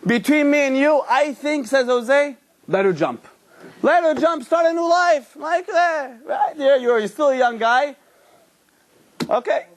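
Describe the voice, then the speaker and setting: A man, a rabbi, giving a Torah class and telling a story, acting out the characters with lively energy. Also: high voice.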